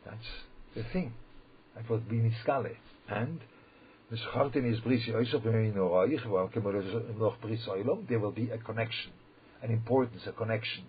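A man teaching a Torah lesson as a rabbi, emphatic and repetitive, with sudden loud bursts when he quotes the verses. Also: on the low side, normal speed. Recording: dull lo-fi recording with faint background noise.

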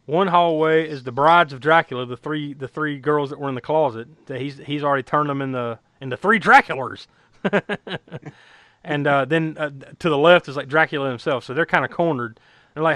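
Man, casual movie recap, rambling, laughs a lot, slightly high voice, dry close sound. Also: brisk, fairly bright tone, no room sound. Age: adult who was eight or nine when the film was new. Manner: rambling, laughs often, many fillers.

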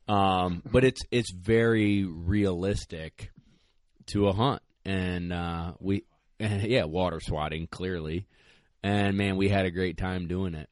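A man with a very low voice hosts a relaxed conversation. He tells stories with easy laughter, recorded dry and close to the mic. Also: slow pace, no echo. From northern United States. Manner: storytelling, laughs as he talks. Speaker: podcast host. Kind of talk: casual chat.

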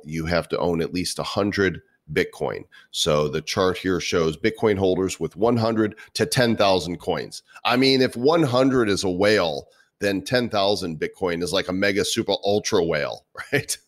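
A man's voice: deep voice, normal speed, few pauses. A man co-hosting a crypto news show, reading out news items and joking with his co-host in casual chat.

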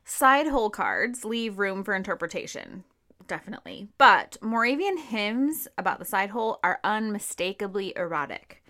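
Woman, podcast co-host, casual explanatory narration, mid pitch, dry close recording. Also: sing-song, moderate pace, bright, forceful tone, no room sound.

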